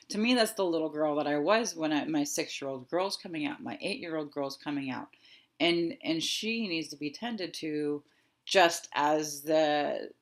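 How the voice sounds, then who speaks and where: A woman in her thirties giving a guided reflective talk as a wellness coach, speaking softly and slowly with thoughtful pauses. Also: deep voice. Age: 30s. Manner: soft, slow and reflective, with pauses.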